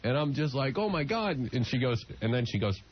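A man's voice: mid-range voice, animated, fairly quick. A blind man telling a rambling, laughing story as a guest on a radio show. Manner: laughing, rambling, imitates others. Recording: muffled radio broadcast.

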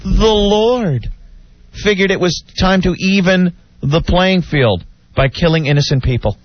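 A man co-hosting a radio talk show, sarcastic and mock-righteous, deliberately provoking in casual banter. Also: sits high, dry recording. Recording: dull lo-fi radio audio with faint music.

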